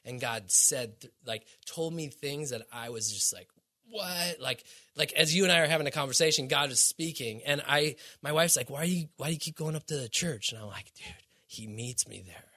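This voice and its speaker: Bright-voiced man telling his story. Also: on the high side, fairly quick. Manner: earnest, storytelling with acted quotes. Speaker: guest. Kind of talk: casual faith testimony.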